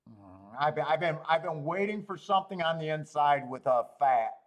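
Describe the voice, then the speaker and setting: Swearing, animated horse racing stream host. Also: male voice, fairly high pitch, normal speed. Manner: frustrated, swearing, talking to himself. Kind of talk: live-stream commentary.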